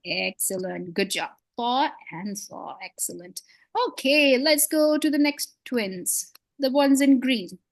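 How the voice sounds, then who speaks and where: A woman's voice: on the high side, expressive, takes it slowly, vocal fry, no room sound. A woman teaching beginners to read, patient and encouraging, with playful memory tricks and frequent praise. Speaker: Quran reading teacher. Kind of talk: one-on-one beginner lesson.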